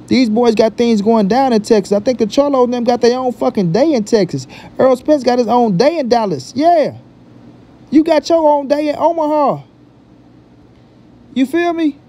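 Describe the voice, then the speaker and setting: High-voiced man ranting in street slang. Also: animated, normal speed, mellow. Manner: emphatic, repetitive, profane street slang. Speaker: boxing commentary vlogger. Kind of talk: casual opinion talk.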